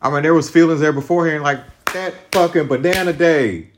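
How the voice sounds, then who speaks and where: A man's voice: on the high side, a little fast. A man hosting a podcast alone, venting in a profane, rambling, agitated monologue about a breakup. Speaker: podcast host.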